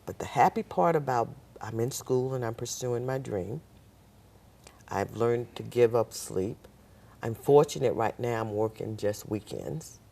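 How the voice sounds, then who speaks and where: A woman's voice: a bass voice, expressive, measured pace, creaky, warm tone. A woman telling her life story as a guest on a talk show, bringing in the voices of the people in her account. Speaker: nurse. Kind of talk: personal storytelling.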